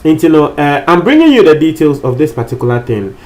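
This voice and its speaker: A man's voice: fairly high pitch, big pitch swings, a little fast, a little mellow. A Ghanaian man presenting entertainment news in a chatty, casual way, switching between languages and repeating phrases for emphasis.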